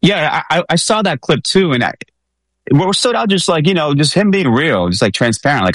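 A man's voice: a little high, very animated, a little fast, a bit bright, dry recording. A man co-hosting a sports talk show, rambling with many fillers and restarts.

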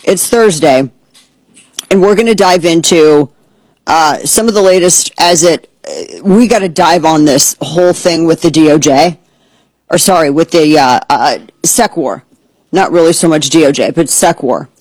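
A woman's voice: low voice, measured pace, darkish tone, dry recording, poor audio. A woman hosting a political talk radio program, speaking in a heated, blunt and sarcastic way. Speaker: radio host.

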